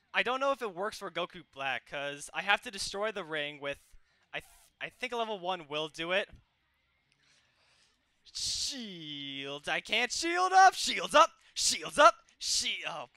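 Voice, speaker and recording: A young man hosting his gaming channel, giving excitable live commentary on his own match and yelping and shouting at the action. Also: high voice, no echo.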